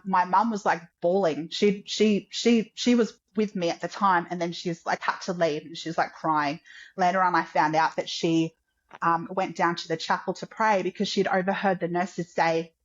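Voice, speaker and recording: A woman's voice: medium pitch, dull audio. A woman guest on a podcast, casually telling a personal story in a chatty way, full of "like" and acting out what others said. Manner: chatty, acts out quotes, many "like" fillers.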